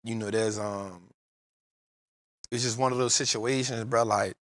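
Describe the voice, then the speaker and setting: A man's voice: lowish voice, fairly even intonation, unhurried, fairly bright tone, no echo, clean studio sound. A man hosting a podcast, telling an emotional personal story in casual street slang. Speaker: podcast host. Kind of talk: casual chat.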